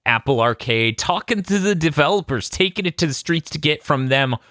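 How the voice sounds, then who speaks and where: A man co-hosting a casual gaming podcast, animated and quick to laugh. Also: on the high side, no room sound, clean studio sound. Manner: animated, bursts into laughter and mock voices. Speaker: podcast co-host.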